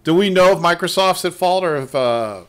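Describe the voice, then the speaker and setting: A man's voice: sits high, lively intonation, brisk, clear, resonant tone. A man hosting a gaming podcast, chatting casually about game news, swearing freely and laughing often. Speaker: podcast host.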